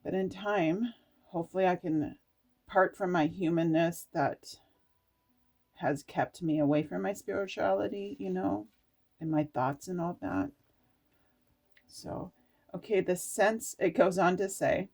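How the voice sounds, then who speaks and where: A tired woman reading aloud from an oracle card book and reflecting in a meandering, halting way with laughs. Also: on the low side, a little mellow. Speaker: spiritual oracle card reader. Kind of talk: casual spiritual vlog, reading aloud and reflecting.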